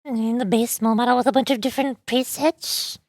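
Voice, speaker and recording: High-voiced stammering woman streamer. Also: dry recording. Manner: stammering, animated, quick to exclaim. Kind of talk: casual chat.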